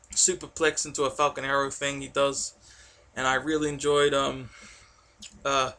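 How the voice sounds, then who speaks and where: Excitable man rambling through a review. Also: mid-range voice, gravelly. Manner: excitable, rambling with frequent fillers. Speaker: wrestling reviewer. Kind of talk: casual spoken review.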